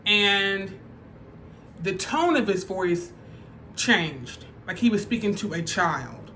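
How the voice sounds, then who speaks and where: A woman's voice: mid-range voice, expressive, slow, fairly bright tone, a little hiss or hum. A woman telling a personal story on her vlog in a casual, chatty way, full of fillers. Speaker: vlogger. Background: faint background music.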